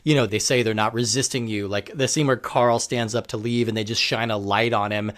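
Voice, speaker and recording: A man's voice: on the low side, fairly even intonation, fairly quick, a bit bright. A man guesting on a podcast, talking enthusiastically with many filler words. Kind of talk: casual podcast chat.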